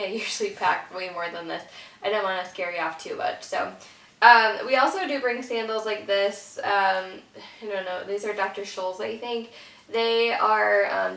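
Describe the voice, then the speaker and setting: A woman's voice: medium pitch, bright, forceful tone, a little hiss or hum. A young woman sitting on her floor at home, chatting through a casual packing tutorial with lots of fillers, recorded on a camera set on a tripod. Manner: chatty, rambling with many fillers. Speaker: vlogger. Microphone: camera on a tripod a little way off. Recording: roomy, distant camera mic.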